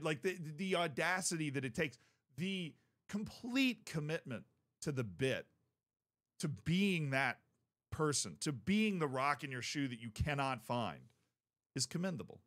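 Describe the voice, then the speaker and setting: A man giving casual sports commentary as a YouTube host, telling the story in a joking, animated way and working himself up as he goes. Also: a little high, measured pace.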